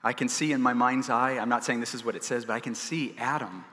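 A male pastor delivering a sermon with lively storytelling and wry humor. His voice is bright and forceful. It rings out with a long hall reverb. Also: mid-range voice, fairly quick. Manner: animated storytelling with humorous asides.

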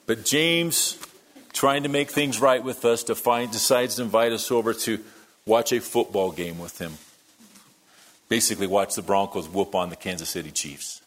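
A man preaching a sermon, telling a story that moves between quiet, hushed lines and loud, worked-up ones. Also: fairly low pitch, normal speed. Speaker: pastor.

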